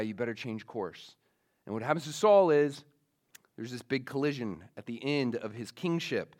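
A male pastor preaching a sermon in a casual storytelling way, with many fillers, speaking to young listeners. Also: fairly high pitch.

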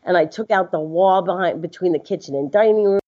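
A woman guest telling a personal story in a casual, animated way, often laughing and acting out what others said. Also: fairly low pitch, a little fast. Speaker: interview guest. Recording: slightly dull lo-fi sound.

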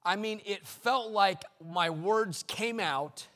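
A middle-aged male preacher delivering a sermon, shouting rhythmic repeated lines and dropping to quiet storytelling. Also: high-pitched, takes it slowly. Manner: swings between shouted exclamations and quiet storytelling; repetitive, rhythmic preaching cadence.

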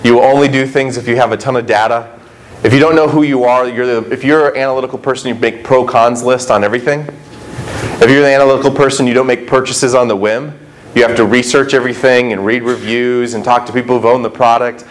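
A man's voice: medium pitch, fairly even intonation, fast, poor audio. Man preaching a conversational sermon. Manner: conversational preaching with acted-out quotes and rhetorical questions. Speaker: pastor.

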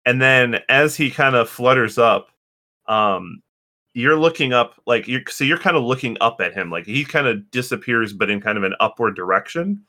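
A man's voice: medium pitch, expressive, moderate pace, bright, forceful tone. A man narrating a tabletop game as game master, hesitant and full of restarts. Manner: hesitant, many fillers and restarts.

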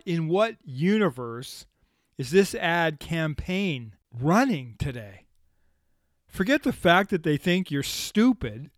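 A man's voice: on the high side, clean tone, dry recording, studio quality. Sardonic man hosting a podcast. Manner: sardonic and indignant. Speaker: podcast host. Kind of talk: scripted podcast commentary.

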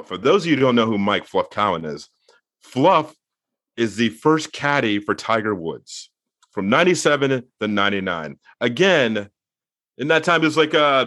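A man's voice: mid-range voice, expressive, fairly quick, a bit bright. A man co-hosts a casual comedy podcast, building playful, mock-serious riffs. His voice sits in a middle register. The sound is dry and close, with no room echo. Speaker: podcast co-host.

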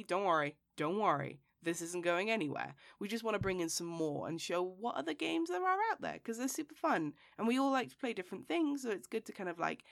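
A woman with a hoarse, raspy voice from being sick hosts a tabletop game podcast. She talks in a chatty, thankful way and often repeats her words for emphasis. The rough tone carries through the whole read. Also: mid-range voice, a bit bright, no room sound, clean studio sound. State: hoarse from illness. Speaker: game master and host. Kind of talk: podcast intro and sponsor read.

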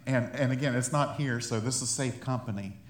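A man preaching a sermon, animated and emphatic, with laughing asides and loud rising peaks. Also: mid-range voice, a little fast, slight background noise. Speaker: pastor. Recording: echoey room.

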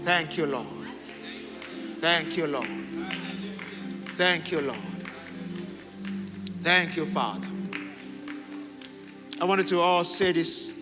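A man pastor leading prayer and having the congregation repeat declarations after him, rising to fervent shouts. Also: a little high, takes it slowly, pauses often. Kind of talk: sermon and prayer. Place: large church hall. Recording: echoing hall with music.

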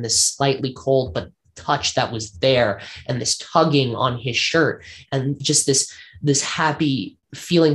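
Man earnestly telling a personal ghost story. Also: medium pitch. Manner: earnest, vivid storytelling with repeated phrases for emphasis. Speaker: interview guest.

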